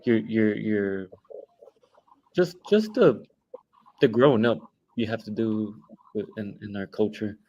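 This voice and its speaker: A young man in his twenties talking casually as a guest teacher, halting with many restarts and fillers. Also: lowish voice, expressive, mellow, dull audio. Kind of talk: casual interview talk.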